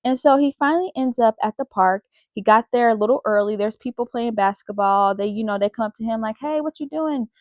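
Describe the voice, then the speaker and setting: A woman's voice: a little high, steady tone, a little fast, hardly any pauses, dry recording. A woman host retelling a story in a chatty, casual way, with many fillers. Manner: chatty, full of fillers like "like" and "you know". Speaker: podcast host.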